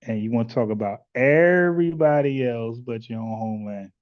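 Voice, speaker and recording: A man hosts a call-in stream, pressing his points bluntly and circling back with restarts and filler words. His voice sits at an ordinary pitch, and the audio comes through a little muffled and lo-fi. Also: moderate pace. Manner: blunt, argumentative, lots of "like" and restarts. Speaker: podcast host taking callers. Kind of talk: casual live-stream chat with callers.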